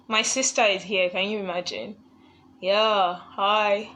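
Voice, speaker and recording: A woman's voice: medium pitch, fairly even intonation, takes it slowly, fairly bright tone, a little hiss or hum. A young woman hosting a live online session, chatting casually and laughing often as she greets viewers. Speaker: live webinar host.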